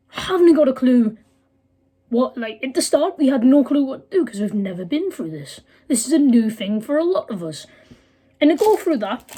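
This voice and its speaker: A fired-up girl in her late teens vents straight into the camera, blunt and full of swearing. Her voice sits a little high, yet with a soft, mellow tone. She keeps pushing her point hard. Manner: heated, blunt, swears often. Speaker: vlogger. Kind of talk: angry profane rant.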